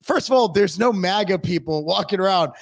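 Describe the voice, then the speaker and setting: A man ranting casually on a podcast livestream, profane and animated as he tells stories. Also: high voice, a little fast. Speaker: podcast co-host. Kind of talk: casual political rant.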